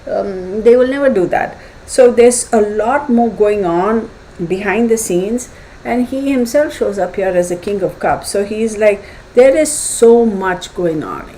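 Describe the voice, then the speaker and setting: A woman's voice: mid-range voice, warm tone, a little hiss or hum, poor audio. Chatty woman reading tarot. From United States. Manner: chatty, thinks aloud with fillers and acted asides. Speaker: tarot reader.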